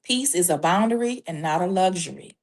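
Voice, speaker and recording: A woman speaking as a Christian life coach, giving faith-based parenting advice in a measured, emphatic way and laying out numbered steps backed by scripture. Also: on the low side, lively intonation.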